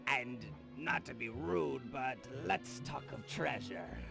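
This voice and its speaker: A man's voice: mid-range voice, lively intonation, slow, creaky, full character voice. An actor playing a cantankerous, greedy male pirate in a video game, growling in pirate slang and blunt insults. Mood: gruff. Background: game music.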